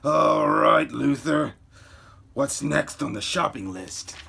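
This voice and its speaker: A man's voice: a little high, lively intonation, slow pace, vocal fry, slightly rough, voice pushed up, heavily acted. A man voicing a brash, impatient teenage boy superhero in a comic book reading. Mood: cocky. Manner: loud, exasperated.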